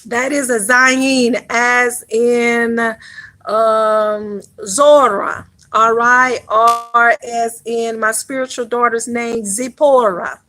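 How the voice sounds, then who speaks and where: A woman's voice: fairly high pitch, fairly even intonation, bright, forceful tone. A woman pastor teaching a Hebrew alphabet class, checking in with "all right?" after almost every phrase. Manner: slow, deliberate instruction.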